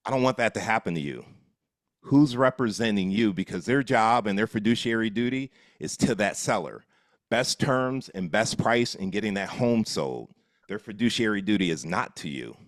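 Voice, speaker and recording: Low-voiced man coaching on a call. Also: normal speed, no room sound, studio quality. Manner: energetic, instructive. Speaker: real estate coach. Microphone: video call.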